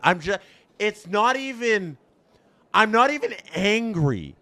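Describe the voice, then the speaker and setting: A man streaming a live fan reaction, calling the action in an announcer style and swinging between emotional shouts and stunned murmurs. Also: high-pitched, big pitch swings, slow, no echo. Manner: announcer-style play-by-play call.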